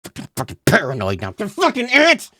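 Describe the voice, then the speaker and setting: A woman's voice: mid-range voice, huge pitch swings, a little fast, fairly bright tone. A woman streamer chatting casually and dramatically while gaming, cursing freely and laughing at herself. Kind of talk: casual live-stream chat.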